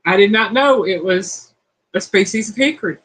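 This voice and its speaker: A woman's voice: mid-range voice, lively intonation, moderate pace, rough recording. A middle-aged woman, hosting a casual live-stream chat and reading quiz questions in a folksy, playful way. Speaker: host of a cooking channel's live chat.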